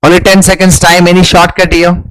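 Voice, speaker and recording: A man teaching an exam-prep class online, repeating key phrases over and over and clearing his throat often. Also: high-pitched, monotone, brisk, a bit bright, low-quality recording. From India. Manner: repetitive drilling, frequent throat-clearing. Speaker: English teacher.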